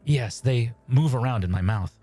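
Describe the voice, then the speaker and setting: A man's voice: mid-range voice, animated, moderate pace, warm tone, soft background music, natural voice. A man voicing a chatty woman calling a radio show, rambling with many fillers.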